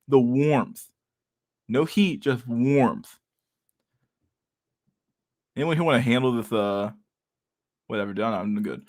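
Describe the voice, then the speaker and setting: A man's voice: medium pitch, unhurried, pauses often, a little mellow. A man hosting a livestream, chatting casually with viewers in a rambling, profane way, laughing often with mock outrage. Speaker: livestream host. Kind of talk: casual chat with live viewers.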